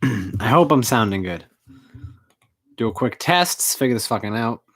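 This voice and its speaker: Woman with a deep voice swinging all over the place, swearing mad in a postgame rant. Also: lively intonation, a little slow. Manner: angry, profane and emotional. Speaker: sports fan vlogger. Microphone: home recording setup.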